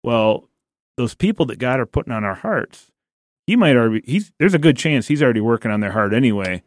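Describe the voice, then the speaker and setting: A man's voice: medium pitch, animated, a little fast, no echo, studio quality. A man co-hosting a casual church podcast, talking in an earnest, reflective way. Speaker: podcast co-host.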